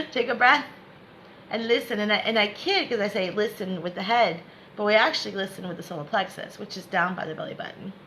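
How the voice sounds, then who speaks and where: A woman's voice: mid-range voice, a little fast, a bit bright, slight background noise, rough recording. A woman giving a live spiritual lesson, repeating herself to encourage viewers and laughing often. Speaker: spiritual teacher.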